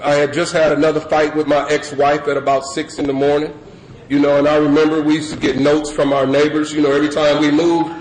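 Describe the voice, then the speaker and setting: A middle-aged man telling his story to a recovery meeting in loose, animated talk full of "you know" and "man". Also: fairly high pitch. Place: meeting hall with an audience. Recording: echoey room with audience and background noise.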